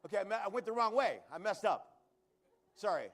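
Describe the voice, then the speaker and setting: A man with a high, fairly bright voice and lively intonation does a live comedy magic act on a showroom stage. He jokes and tosses quick asides to the crowd while performing tricks.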